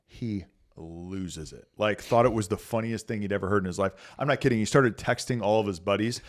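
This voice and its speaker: Low-voiced pastor telling a story. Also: male voice, fairly quick. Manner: earnest, storytelling, lots of filler words. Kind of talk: casual podcast conversation.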